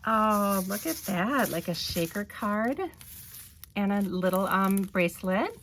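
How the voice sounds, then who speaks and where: Slow-talking woman gushing over crafts. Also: medium pitch, fairly bright tone, a little hiss or hum. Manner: gushing, delighted, lots of ums. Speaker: crafting vlogger. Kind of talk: casual unboxing narration.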